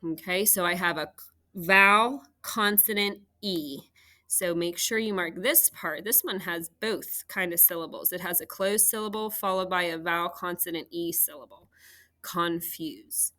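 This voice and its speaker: A woman's voice: lowish voice, normal speed, bright, forceful tone. A woman teacher patiently walking young students through a phonics worksheet, step by step. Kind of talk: phonics lesson walkthrough.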